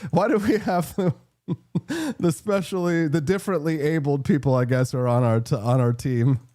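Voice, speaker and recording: A man's voice: fairly high pitch, normal speed, warm tone. A man hosting a political commentary show, talking in a sarcastic, combative way and reading out viewer comments. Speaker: host.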